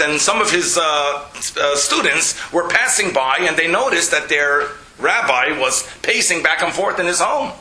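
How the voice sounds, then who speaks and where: A man, a rabbi, giving a storytelling lecture, animated, jumping his pitch to act out quotes. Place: lecture hall. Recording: roomy lecture hall echo.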